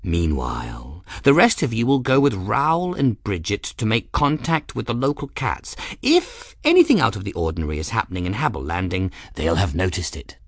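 A man voicing an eccentric, pompous old male scholar-mage in a storybook, lofty and theatrical, with big leaps in pitch. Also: sing-song, normal speed, hardly any pauses, no echo, studio quality. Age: older.

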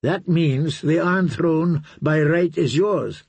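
A man's voice: fairly high pitch, takes it slowly, creaky, darkish tone, breathy edge, no room sound, voice pushed up, full character voice. A man reading an audiobook, voicing a proud young princess who speaks in a poised, persuasive way.

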